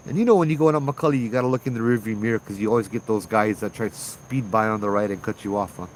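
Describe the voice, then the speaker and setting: A man with a Hawaii local accent telling a ghost story casually, animated, acting out the voices of people in it. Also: on the low side, quick pace, slight background noise, poor audio. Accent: Hawaii local English. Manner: animated, acts out voices in dialogue. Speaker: ghost tour guide and storyteller.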